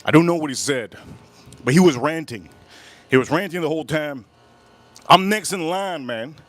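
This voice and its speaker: A man hosting a whiskey channel livestream from the Miami area, USA, tells a long meandering story, repeating himself as he animatedly quotes different voices. His slightly high voice moves at a moderate pace, with no room sound.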